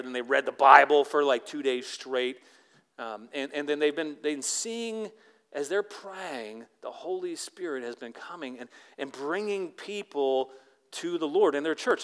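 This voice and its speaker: A man preaching a sermon, earnest, moving between forceful emphasis and hushed, reverent lines. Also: on the high side, clear, resonant tone. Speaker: pastor.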